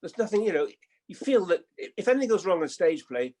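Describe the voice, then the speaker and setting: An older man, a guest actor, telling anecdotes in an animated way and acting out the voices in them. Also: high-pitched, fast. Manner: animated storyteller, acts out voices in his anecdotes. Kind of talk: anecdotal chat.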